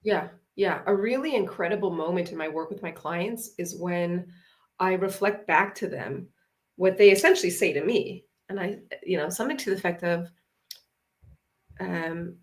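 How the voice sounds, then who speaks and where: A woman's voice: on the low side, moderate pace. An earnest woman speaks as a parenting coach over a video call. She builds her points through short, repeated affirmations. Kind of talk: conversational discussion.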